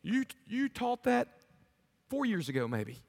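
A man's voice: very high voice, sing-song, unhurried, creaky. A man preaching a sermon to his congregation, earnestly asking them rhetorical questions. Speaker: pastor. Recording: long hall reverb.

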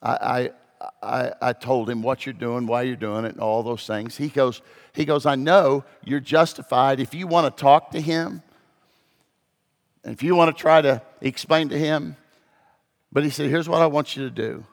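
A man preaching a sermon as pastor, telling a story and moving between hushed and loud, emphatic passages. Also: mid-range voice, steady tone, normal speed, creaky. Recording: long hall reverb.

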